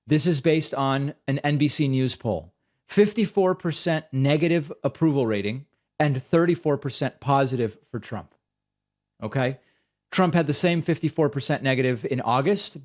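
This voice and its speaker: A man's voice: medium pitch, moderate pace, darkish tone. A man hosting a political talk show, giving sarcastic, incredulous commentary on news clips.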